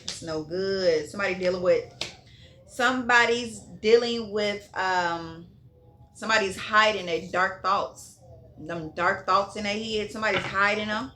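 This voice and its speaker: Bright-voiced blunt woman reading tarot. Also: mid-range voice, a little slow, slight background noise. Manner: blunt and profane, repeating "somebody" and "okay?". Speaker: tarot reader.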